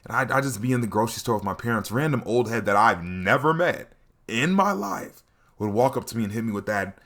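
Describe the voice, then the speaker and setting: Brief: young adult male vlogger, animated comedic storyteller, bright voice. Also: medium pitch, fairly quick. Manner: animated, laughing, repeats catchphrases.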